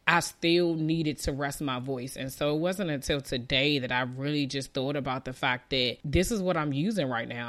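A woman in her thirties chats casually to her viewers from outside, wind blowing behind her. She rambles, restarting her sentences and leaning on "like". Her voice is still recovering from being lost. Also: extremely low pitch. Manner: chatty and rambling, many likes and restarts. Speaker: vlogger. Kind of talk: casual chat to camera. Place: outdoors in the wind. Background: wind noise.

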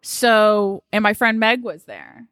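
Animated woman telling stories. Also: medium pitch, slow pace, no echo, clean studio sound. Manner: animated storyteller, chatty. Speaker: podcast co-host. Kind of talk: casual chat.

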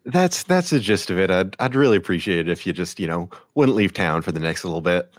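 List: man doing a drawling policewoman, low voice, hesitant, stammering, dry close sound. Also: animated, brisk, dry recording. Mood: polite, flustered. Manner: polite, hesitant, repeats words. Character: drawling no-nonsense woman police officer.

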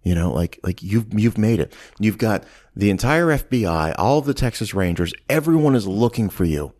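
Man, podcast co-host, very low voice, casual movie chat, animated scene retelling. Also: moderate pace. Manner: animated retelling, acts out quoted lines.

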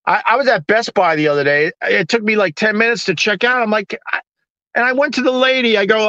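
High-voiced man ranting sarcastically. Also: brisk, bright, forceful tone, no echo, highs cut off. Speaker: live-streaming host. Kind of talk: ranting live-stream chat.

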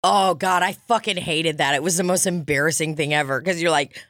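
A woman's voice: sits low, fairly quick, a bit bright, no echo, studio quality. A woman co-hosting a casual comedy podcast, laughing often, swearing and acting out quotes. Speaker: podcast co-host.

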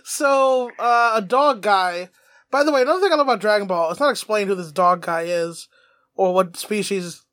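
A high-voiced man co-hosting a comedy podcast, excitable and quick to laugh as he swears his way through a cartoon recap. The sound is dry and close, with no room echo. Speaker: podcast co-host. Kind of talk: casual comedic chat.

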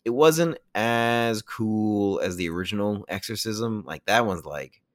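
On a podcast, a man with a lowish, expressive voice takes his time retelling a film, spoilers included, in a rambling way heavy on "like" and blunt asides. The recording is dry and studio quality.

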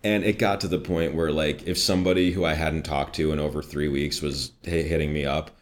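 A man with a slight Midwestern accent and an extremely low, deep voice tells stories in a relaxed interview. He is animated and laughs easily, jumping up in pitch whenever he quotes someone. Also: fairly quick. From US Midwest, Chicago northwest suburbs. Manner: animated storyteller, jumps high for quoted voices, laughs often. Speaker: voice actor and coach. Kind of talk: casual interview chat.

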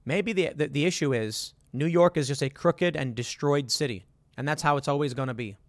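A man's voice: fairly high pitch, fairly quick, no room sound, studio quality. A man hosting a show, bluntly voicing opinions and telling stories with quoted dialogue. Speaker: podcast host. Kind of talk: opinionated monologue with storytelling.

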